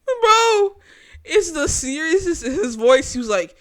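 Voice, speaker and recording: Animated young woman hosting a chat show. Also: high-pitched, a little slow, no room sound, clean studio sound. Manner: animated, laughing, slangy. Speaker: podcast host. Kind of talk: casual reaction commentary.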